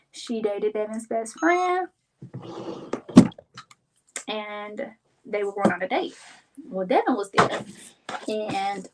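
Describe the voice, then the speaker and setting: A young woman from Kansas City chatting casually to her viewers, telling a story and acting out her friends' lines in a higher voice. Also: expressive, slow pace, long pauses, very noisy. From Kansas City, Missouri. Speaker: vlogger. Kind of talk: casual storytelling while crafting.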